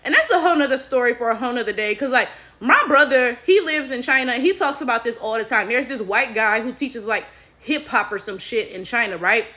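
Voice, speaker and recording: Animated American woman vlogger, bright and slightly high voice, chatty straight-to-camera commentary. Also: a little fast. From United States. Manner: animated, talks straight to viewers.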